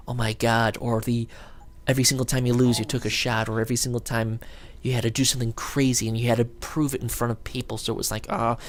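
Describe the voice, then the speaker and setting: A man talking casually to his camera, rambling and excited as he acts out what his friends said. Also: medium pitch. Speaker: video blogger.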